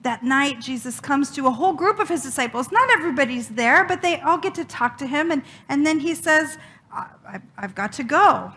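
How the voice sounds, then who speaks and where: A woman minister giving a sermon, retelling a story dramatically with expressive, emphatic repetition. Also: sits high, fairly quick, hardly any pauses.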